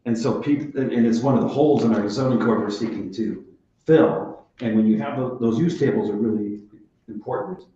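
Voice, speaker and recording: A man speaking as a city alder at a committee meeting, talking in a deliberate, measured way with some restarts. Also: mid-range voice, dark tone. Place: council chamber. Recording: echoey council chamber, dull sound.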